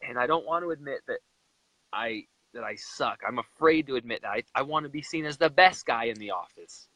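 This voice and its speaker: A young man from Utah tells a personal story as a chat guest, in an emotional, animated way. His voice is bright and forceful, and it sounds dry and close, with no room echo. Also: mid-range voice, brisk.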